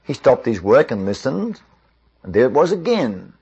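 A man telling a Bible story in an expressive way, with varied pacing and asides to the listener. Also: mid-range voice, moderate pace, slightly rough, muffled recording.

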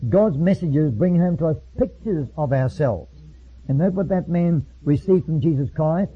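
A man preaching a sermon, reading passages aloud slowly and solemnly, then explaining in his own words with some restarts. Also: a little high, breathy edge. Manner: reads slowly and solemnly, then speaks freely with repeats. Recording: phone-like lo-fi line.

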